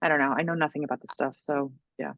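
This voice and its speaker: A woman's voice: low voice, fast talker, no echo, dull audio. A woman co-hosting a podcast, telling stories in casual chat, full of "like"s and laughter. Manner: animated storytelling with many "like"s and laughs. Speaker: podcast co-host.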